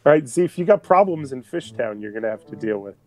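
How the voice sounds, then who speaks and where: A man's voice: medium pitch, lively intonation, a little fast, a crowd in the background, low-quality recording. Upbeat male game master. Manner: upbeat, encouraging, playful. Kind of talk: narrating a tabletop game.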